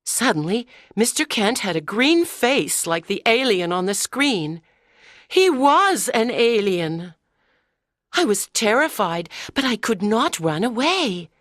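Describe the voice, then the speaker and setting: A woman reading a story aloud slowly and clearly for English learners. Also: on the high side, very animated, a bit bright, no room sound, clean studio sound. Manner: clear, careful delivery. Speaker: story narrator.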